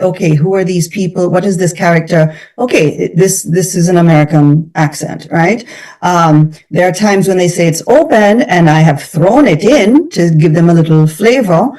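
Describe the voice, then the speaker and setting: Mellow-voiced Jamaican woman, off-mic. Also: lowish voice. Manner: thoughtful, measured, with restarts. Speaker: guest actress. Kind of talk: radio interview. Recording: distant from the microphone.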